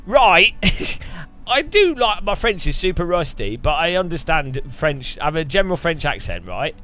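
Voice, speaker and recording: A man's voice: fairly high pitch, a bit bright. A man streaming a racing sim, chatting casually and ranting with frequent laughter. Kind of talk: casual live-stream chat.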